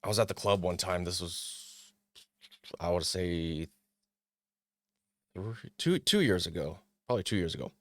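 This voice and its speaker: A man's voice: low-pitched, a little slow, long pauses, no room sound. A man hosting a casual talk show, reading an article aloud and giving his opinions, often mocking other people's lines in exaggerated voices. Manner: animated, mocking impressions of others. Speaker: podcast host.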